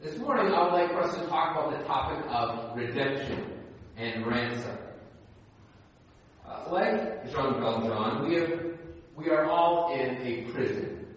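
A man preaching a sermon, deliberate and emphatic, stressing key words. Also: mid-range voice, animated. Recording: echoey hall, distant, dull sound.

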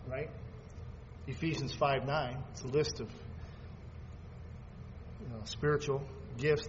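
Fervent male preacher in a reverberant hall. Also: on the high side. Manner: swings between fervent loud peaks and quiet asides; reads scripture aloud in old-fashioned phrasing. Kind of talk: sermon. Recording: dull lo-fi sound with long hall reverb and faint background noise.

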